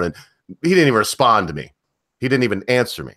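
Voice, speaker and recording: A man's voice: mid-range voice, fast. A man in a casual online chat, telling stories animatedly and acting out what others said. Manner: animated storyteller, acts out quotes. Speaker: panel guest.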